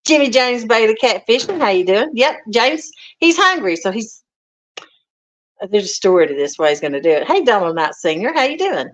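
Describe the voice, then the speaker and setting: A woman's voice: fairly high pitch, very animated, moderate pace. A woman hosting a casual livestream from a home kitchen, greeting viewers and reading out their comments in a folksy, chatty way. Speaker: livestream host. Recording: dull lo-fi stream audio.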